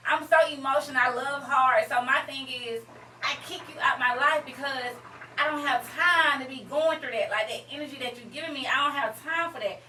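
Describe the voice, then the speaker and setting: A woman's voice: sits high, a little fast, pushed and bright, a little hiss or hum. A woman guest in a casual chat, telling stories in a blunt, emotional way. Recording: echoey room, voice from far off.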